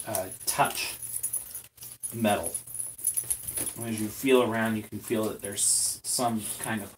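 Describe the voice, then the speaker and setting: Halting man narrating as game master. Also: on the low side. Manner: halting, self-correcting description. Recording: distant mic, faint background noise.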